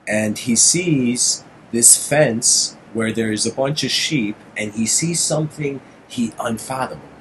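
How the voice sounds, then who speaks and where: A man's voice: mid-range voice, measured pace, fairly bright tone, slight background noise, low-quality recording. Man telling a rambling parable. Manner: meandering, restarts phrases, frequent "you know". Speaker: lecturer. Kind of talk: casual rambling storytelling.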